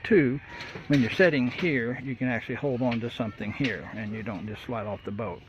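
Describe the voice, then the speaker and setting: A man's voice: medium pitch, a little fast, background noise. Man, folksy, rambling with fillers, outdoor workshop, dull audio, roosters crowing and vehicles passing. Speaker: vlogger building a boat. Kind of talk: casual workshop walkthrough.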